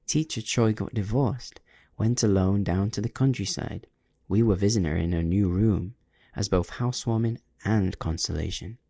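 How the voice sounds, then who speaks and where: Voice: sits low, normal speed, mellow, dry recording. A man voicing an eerie, thin-voiced companion who murmurs with pity and mockery in a storybook reading. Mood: pitying, mocking. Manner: murmuring, pitying, mocking.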